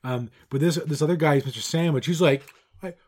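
A middle-aged man co-hosting a podcast, telling long rambling stories in casual chat that trail off quietly and then pick up again. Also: on the high side, a little fast. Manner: rambling storyteller, drifts quiet then loud. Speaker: podcast co-host.

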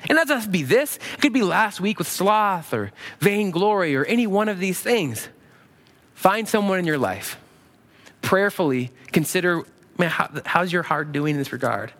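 A man preaching a sermon as a pastor, animated and acting out quoted prayers in a raised voice. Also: high voice, normal speed.

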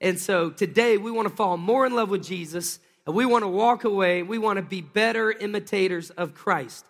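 High-voiced man preaching in a reverberant hall. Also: normal speed. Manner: energetic, calls for crowd responses. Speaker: pastor. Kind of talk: sermon. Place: church sanctuary.

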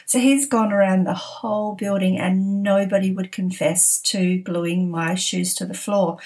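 Woman, middle-aged, podcast host; casual storyteller, chatty and quick to laugh. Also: mid-range voice, fairly even intonation, darkish tone. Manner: chatty, laughs often while telling.

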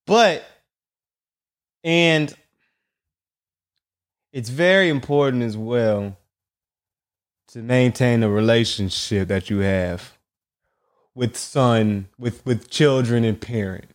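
A young man hosting a podcast, telling a story in an animated, profane, slang-heavy solo rant. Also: medium pitch, takes it slowly, long pauses. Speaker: podcast host.

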